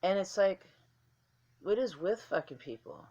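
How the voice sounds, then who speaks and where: Woman, vlogger, blunt, profane, low-ish voice, slightly muffled lo-fi recording. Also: expressive, measured pace, warm tone. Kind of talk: casual talk to camera.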